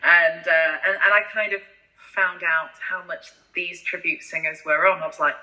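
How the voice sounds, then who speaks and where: Bright, lively woman storyteller. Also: normal speed, highs cut off. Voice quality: deep voice. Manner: animated, acts out voices in anecdotes. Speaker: guest singer-songwriter. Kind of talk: casual interview storytelling.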